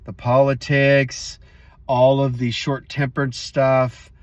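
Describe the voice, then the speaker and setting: A man's voice: mid-range voice, monotone, slow pace, dry recording. Male host, motivational vlog talk, casual storyteller, mid-range voice, dry sound. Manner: casual, storytelling, addresses viewers directly.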